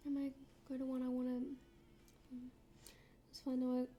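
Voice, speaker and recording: A woman's voice: high-pitched, monotone, normal speed, warm tone. A young woman from Australia with an Australian accent, chatting casually and rambling as she streams herself drawing and answers chat. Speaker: livestreamer.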